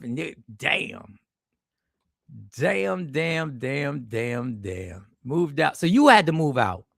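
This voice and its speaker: Livestream host, male, high gravelly voice, slangy and animated, dry close sound. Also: no echo. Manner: animated, slangy, reacts to chat with sudden exclamations. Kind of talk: casual livestream chat reading comments. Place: airport.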